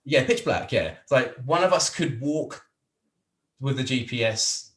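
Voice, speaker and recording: An English man, a podcast guest, telling a long travel anecdote in a casual, animated, rambling way with frequent laughs. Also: medium pitch, measured pace. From England.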